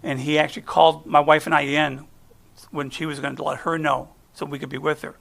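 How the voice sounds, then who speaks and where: A middle-aged man from the United States, appearing as a guest speaker, gives a chatty, folksy sermon full of personal stories, often trailing off and starting over. His voice is a little high, creaky and a bit bright, with little pitch movement and a slightly fast pace.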